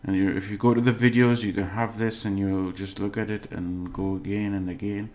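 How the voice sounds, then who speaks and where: A man teaching a casual recorded language lesson, patient, often checking in with the listener and pausing on "uh" as he goes. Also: fairly low pitch, flat delivery, a little mellow, a little hiss or hum.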